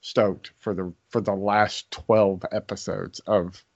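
Slow, deliberate low-voiced man. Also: little pitch movement, darkish tone, dry recording. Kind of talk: casual podcast chat. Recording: dry, dull lo-fi sound.

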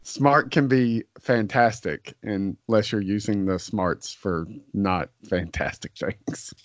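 A man chatting casually in a slow, halting, hesitant way. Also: fairly low pitch, no echo. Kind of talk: casual chat. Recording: dry, dull lo-fi sound.

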